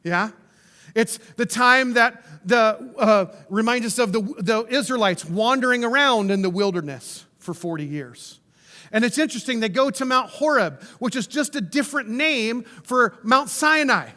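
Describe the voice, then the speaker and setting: A man's voice: extremely high pitch, expressive, moderate pace, pushed and bright, long reverb tail. A man preaching a sermon in a conversational way, often checking in with the listeners. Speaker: pastor.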